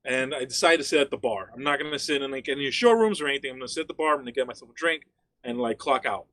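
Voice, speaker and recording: A man from Miami, a guest on a casual chat, telling a story in an animated, profane way full of "like" fillers. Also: medium pitch, rapid-fire, no room sound.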